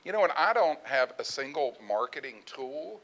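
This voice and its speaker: A middle-aged man speaking at a presentation about his research business, telling lively anecdotes and acting out what others said. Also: fairly high pitch, moderate pace, muffled recording. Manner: animated storyteller, acts out quoted voices. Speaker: conference speaker, research firm owner.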